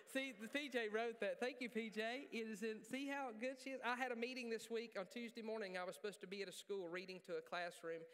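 A male pastor preaching a sermon in a church, joking and animated, poking fun at himself. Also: sits high, fast, few pauses, clear, resonant tone. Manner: joking, animated, self-deprecating. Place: church sanctuary. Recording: reverberant church hall.

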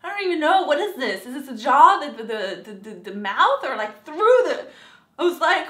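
Young woman vlogger, bright and lively, gushing TV recap, echoey room. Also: high voice, normal speed. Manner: animated and gushing, acts out quotes. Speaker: TV episode reviewer. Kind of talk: casual vlog review.

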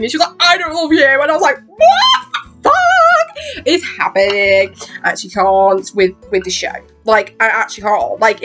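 Excitable woman rambling while doing makeup. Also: mid-range voice, husky. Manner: excitable, swears, acts out reactions. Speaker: beauty vlogger. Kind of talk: rambling get-ready-with-me chat.

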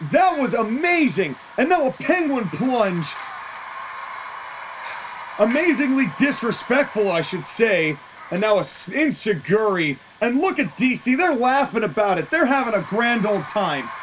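Excitable wrestling commentator over background noise. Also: mid-range voice, a little slow, rough recording. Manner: excitable, laughs often, openly partisan.

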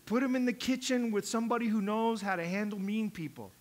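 A man's voice: sits high, a little fast, a little hiss or hum. A middle-aged male pastor preaching a sermon in a conversational, humorous way, acting out little quotes.

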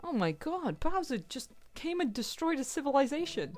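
A young woman giving casual, excitable commentary while playing a video game, swearing freely and talking back to the characters. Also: sits high, normal speed, soft background music. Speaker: let's play gamer.

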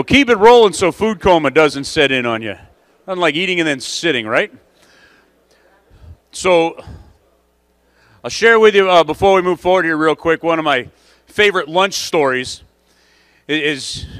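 A man's voice: on the high side, a bit bright, clear, resonant tone, dry recording. A man emceeing a coaching conference, telling a story to the audience in a chatty, conversational way.

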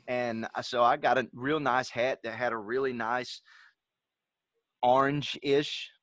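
A folksy man spinning a laid-back anecdote and chuckling through it. His voice is mid-pitched and very dry, close to the mic with no room echo. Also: steady tone, unhurried, a bit bright. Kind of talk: casual chat.

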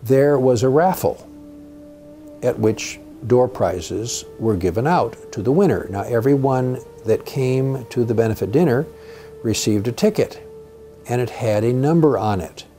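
Mellow man telling a steady anecdote. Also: mid-range voice, measured pace, faint music behind. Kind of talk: documentary interview.

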